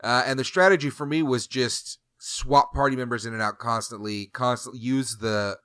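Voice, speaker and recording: A man co-hosting a casual gaming podcast, telling his stories in an animated, exasperated way and swearing often. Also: medium pitch, moderate pace, clear, resonant tone, dry recording, clean studio sound. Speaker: podcast co-host.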